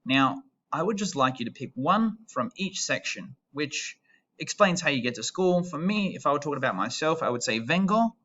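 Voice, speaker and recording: A man's voice: a little high, sing-song, moderate pace, bright, forceful tone, dull audio. A young Australian man in his twenties, a teacher who explains an Italian lesson step by step in a patient, chatty way. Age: 20s. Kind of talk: recorded classroom lesson.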